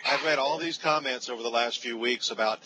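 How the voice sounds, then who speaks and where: A man's voice: medium pitch, brisk, noisy background. A man giving firm, emphatic opinions as an awards pundit in a casual panel debate.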